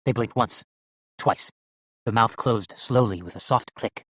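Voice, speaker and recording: A man narrating an audiobook in an animated storytelling manner. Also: medium pitch, unhurried, no echo.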